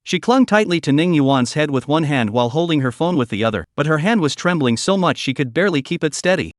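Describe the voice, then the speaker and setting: A man reads a comic story recap in a scripted, storytelling manner. His voice is fairly high and very animated. The recording is close and dry with no room sound. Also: fast, hardly any pauses, no echo. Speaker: recap narrator.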